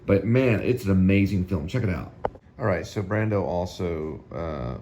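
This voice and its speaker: A man's voice: deep voice, expressive, moderate pace, dark tone, slight background noise. A male host giving casual, rambling film commentary that often repeats itself.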